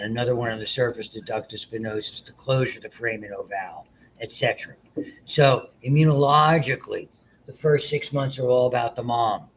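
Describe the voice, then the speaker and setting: A man's voice: mid-range voice, a little hiss or hum, poor audio. A man around seventy giving a casual, rambling biology lecture to students, full of asides and restarts. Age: about 70.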